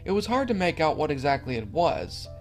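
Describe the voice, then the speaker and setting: A man's voice: a little high, sing-song, brisk, soft background music. A man narrating a creepy horror story in an earnest, slightly stumbling reading.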